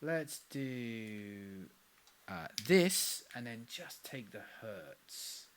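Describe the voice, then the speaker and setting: An animated young singer-songwriter with a mid-range voice draws out his words while chatting casually on a recording-session live stream, slipping in soft self-mocking asides.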